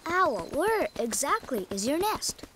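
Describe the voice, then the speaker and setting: A woman's voice: high voice, big pitch swings, slow, noisy background, exaggerated voice. A woman voicing a cheerful young male magical truck in a children's cartoon, upbeat and eager, talking to the kids.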